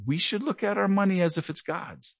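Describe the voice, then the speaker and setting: Speaking a little fast in a high, creaky voice, a middle-aged pastor delivers earnest, lively verse-by-verse Bible teaching. He notes his own stutter, which sometimes leads him to repeat words, and the recording is dry.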